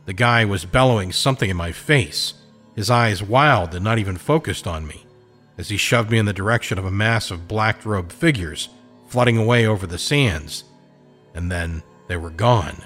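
A man's voice: on the low side, moderate pace, a bit bright, soft background music. A man narrating a pulp adventure in the first person, in a hardboiled, slangy storytelling manner.

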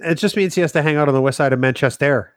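Teasing New England host, higher voice. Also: male voice, racing, dry recording, studio quality. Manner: teasing, wry. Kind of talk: casual chat.

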